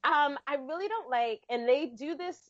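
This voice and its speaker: Casting note: a high-voiced woman co-host, chatty, laughing often, on a dry, dull-sounding recording. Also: lively intonation, normal speed, no echo. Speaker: podcast co-host. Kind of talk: casual chat.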